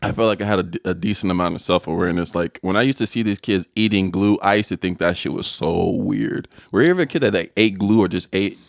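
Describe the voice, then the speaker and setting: A man's voice: low-pitched, quick pace, vocal fry, hardly any pauses, no room sound, studio quality. A young man co-hosting a casual comedy podcast, laid-back with chuckling reactions. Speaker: podcast co-host.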